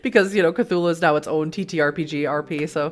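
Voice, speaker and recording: A woman's voice: sits low, fast. A woman from Massachusetts hosting a let's play, reading a text game aloud with chatty asides and frequent laughs.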